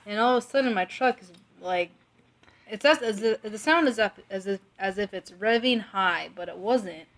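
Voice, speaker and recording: A woman's voice: medium pitch, moderate pace. A woman co-hosting a podcast from home, chatting in an upbeat way. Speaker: podcast co-host. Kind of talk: casual chat.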